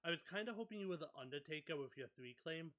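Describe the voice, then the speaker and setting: A man's voice: fairly high pitch, animated, fast, fairly bright tone. A man playing a social deduction game over a voice call, thinking aloud with lots of fillers and restarts. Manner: talks through reasoning with many fillers and restarts. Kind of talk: casual strategy chat over voice call.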